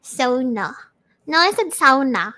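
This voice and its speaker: Giggly high-voiced woman chatting. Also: animated, unhurried, a bit bright. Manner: giggly, chatty, frequent laughter. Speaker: streamer hosting a live audio space. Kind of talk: casual chat reading audience comments.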